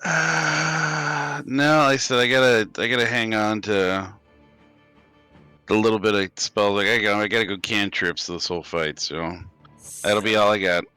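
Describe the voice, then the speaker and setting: Bright-voiced man, dry close sound. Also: on the low side, normal speed, clean tone, no echo, faint music behind. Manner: sighing, hesitant, relaxed. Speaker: player. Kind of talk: casual game chat.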